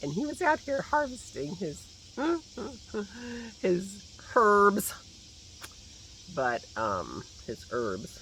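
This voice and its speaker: A man's voice: sits high, wildly swooping pitch, slow pace, fairly bright tone, a little hiss or hum. A man with a slight lingering cough, rambling casually while filming himself on a phone out in his garden. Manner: rambling, chatty, laughs to himself. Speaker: vlogger. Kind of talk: casual chat. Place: outdoors in a garden. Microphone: phone held at arm's length.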